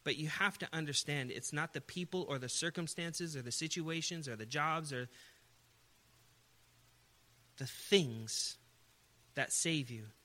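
A man's voice: on the high side, a little slow, pauses often, sharp tone. A man preaching a sermon in an emphatic way, often putting rhetorical questions to his listeners.

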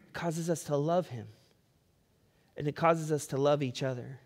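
A man's voice: a little high, moderate pace, a little mellow. A man preaching a sermon as pastor, conversational and storytelling, building emphasis as he speaks.

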